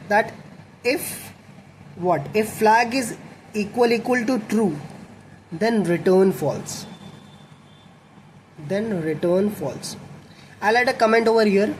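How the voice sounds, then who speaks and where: A young man teaches a coding lesson, thinking aloud and correcting himself as he writes code. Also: high-pitched. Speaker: coding tutor. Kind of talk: explaining code while writing. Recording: faint background noise.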